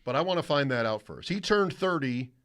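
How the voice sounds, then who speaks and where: A man's voice: fairly high pitch, lively intonation, a little fast, a bit bright, smooth. A man hosting a sports radio show, talking casually in a rambling, self-interrupting way from the studio.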